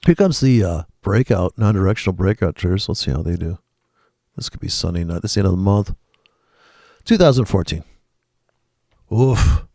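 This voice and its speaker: A man's voice: on the low side, warm tone, dry recording, clean studio sound. A man talking casually and profanely as he comments live on trading charts, rambling and thinking aloud. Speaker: trading video host.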